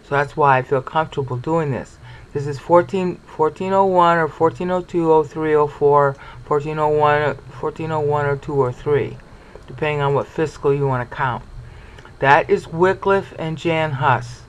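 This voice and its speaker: A man with a voice a little higher than most lectures on scripture in a meandering, explanatory way. He keeps stopping to check that the listener is following, then carries on walking through his points. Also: moderate pace, low-quality recording. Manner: discursive, checks in with "okay?". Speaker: Bible teacher. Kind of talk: explanatory Bible study lecture.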